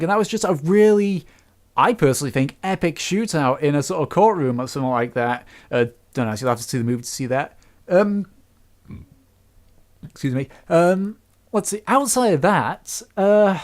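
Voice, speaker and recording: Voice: medium pitch, darkish tone. Rambling casual film reviewer. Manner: rambling, many restarts, complaining.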